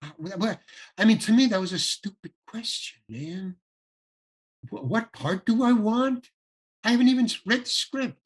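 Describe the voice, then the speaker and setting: An older man tells an animated anecdote as a podcast guest, slipping into the voices of the people he quotes. He restarts and stammers as the story runs on, and his voice sits somewhat high for a man. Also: normal speed, slightly rough. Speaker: guest actor.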